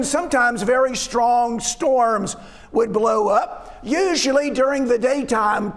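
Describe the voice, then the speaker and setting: A man preaching a sermon as pastor, in a conversational, folksy way with chuckling asides. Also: very high voice. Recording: long hall reverb.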